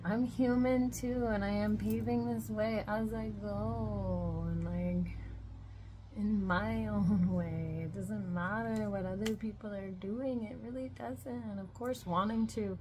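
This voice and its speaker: A young woman talking to camera in a casual, reflective spiritual vlog, rambling with lots of "like" and sometimes dropping to a soft whisper. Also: mid-range voice, fairly even intonation, slow, noisy background. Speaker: spiritual vlogger.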